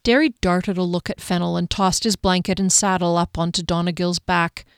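Woman audiobook narrator, measured fantasy reading, smooth resonant voice, dry studio sound. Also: lowish voice, steady tone, no room sound.

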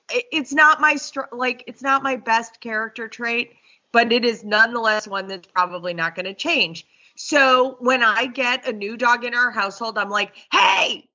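A woman talks dog training in a lively, casual way, slipping into little voices for dogs and owners. Her voice is bright and a touch high, forceful in tone. The recording sounds a bit muffled. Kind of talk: casual podcast chat.

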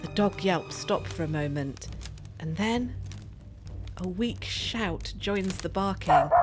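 Woman narrating a spooky story, lowish voice, measured and atmospheric, music under it. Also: expressive. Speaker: podcast narrator. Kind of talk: scripted narration.

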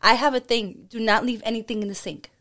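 A woman's voice: fairly high pitch, steady tone, fairly quick, a bit bright. Earnest woman sharing a sweet story. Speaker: podcast guest, partner of a host. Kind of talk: casual chat.

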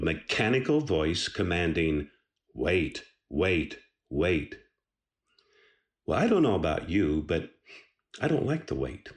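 A man with a very low voice delivers a sermon slowly and earnestly, leaning on key words and letting his pitch rise and fall widely. The sound carries the echo of a large room. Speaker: preacher. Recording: echoey room.

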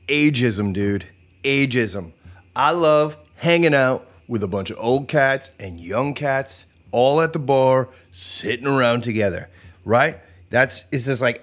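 A man hosting a podcast in a casual, comedic monologue, animated and profane, joking and sometimes trailing into mumbles. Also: mid-range voice.

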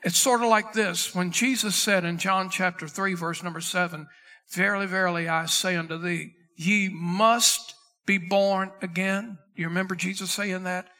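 A middle-aged male pastor delivers an emphatic sermon, slowing down to read scripture and punching single words for weight. His voice sits high for a man and carries a bright, forceful tone. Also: fairly even intonation. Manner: emphatic preaching, stretches key words, reads scripture aloud.

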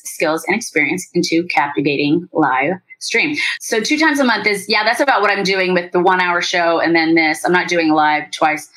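A woman hosts a podcast in a casual, upbeat chat. She talks freely and laughs often, her voice sitting a little low for a woman. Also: fairly bright tone, poor audio. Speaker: podcast host.

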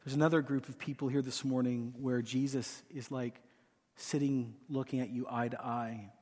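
A man preaching a sermon and leading a hushed, pleading prayer from a church stage. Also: mid-range voice, level tone, normal speed, slightly rough. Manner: earnest, hushed and pleading, voicing Jesus softly. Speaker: pastor. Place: large church auditorium. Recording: long hall reverb.

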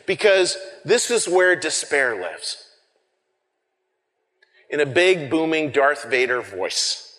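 Male preacher, slightly high voice, conversational sermon with dramatic loud and hushed contrasts, long hall reverb. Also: very animated, takes it slowly, long pauses. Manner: swings from shouting to hushed whispers for effect; repeats words and restarts, conversational.

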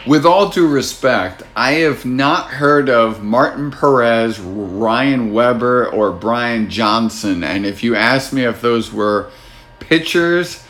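Here a man with a medium-pitched, slightly bright voice talks slowly but with lively intonation. He's the host of a casual sports podcast, with a New Jersey accent and a teasing, wry, relaxed style.

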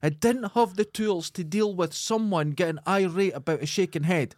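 A Scottish man hosting a podcast, telling a comic story in an animated, emphatic way and swearing freely. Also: high voice, moderate pace, no room sound, studio quality. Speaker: podcast host. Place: studio.

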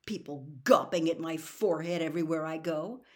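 A woman reading the part of a frustrated, bitter teenage boy in an audiobook, loud and indignant. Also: mid-range voice, animated, normal speed, voice pushed up, close to an everyday voice.

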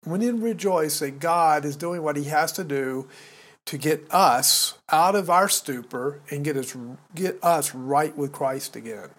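A man in his sixties from the United States co-hosts a podcast, preaching and exhorting listeners and repeating words when heated. His pitch is fairly high and his tone fairly bright, with a measured pace.

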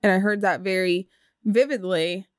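A woman guest in a studio, casually telling ghost stories with lively laughs and acted-out bits. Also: mid-range voice, normal speed, no echo. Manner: animated, laughs often, acts out voices. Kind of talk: casual storytelling chat.

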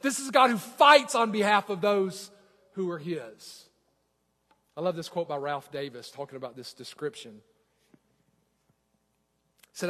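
Male pastor, forties, high voice, sermon delivery with big dynamic swings, reverberant sanctuary. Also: measured pace, long pauses. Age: 40s. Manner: swings from quiet asides to loud, stretched scripture reading. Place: church sanctuary. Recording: long church reverb.

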